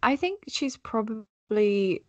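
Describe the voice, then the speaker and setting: A woman's voice: on the high side, lively intonation, takes it slowly, darkish tone, no echo, highs cut off. A young woman in her twenties co-hosting a podcast, laid-back and blunt, laughing often, talking over a video call. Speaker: podcast co-host. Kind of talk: casual chat.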